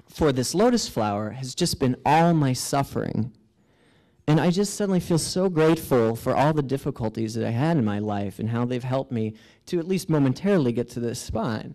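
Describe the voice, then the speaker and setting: A man's voice: medium pitch, a little mellow, rough recording. A man performing an earnest first-person storytelling monologue with a sense of wonder. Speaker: spoken-word performer.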